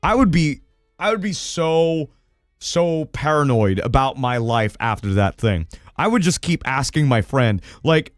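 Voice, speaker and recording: Lively, excitable male streamer. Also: medium pitch, a little slow, no room sound, studio quality. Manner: excitable, swears a lot, laughs often. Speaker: streamer host. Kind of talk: reading viewers' horror stories on a livestream.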